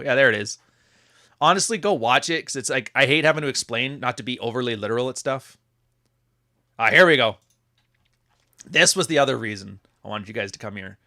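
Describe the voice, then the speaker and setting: A man's voice: mid-range voice, animated, brisk, pushed and bright. A man from Canada giving casual, profane commentary on social media posts, sardonic and full of rambling asides.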